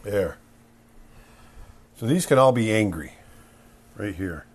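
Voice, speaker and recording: A man's voice: lowish voice, normal speed, husky. Man teaching drawing while he sketches. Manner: relaxed, acts out emotions in bursts while drawing. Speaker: drawing instructor.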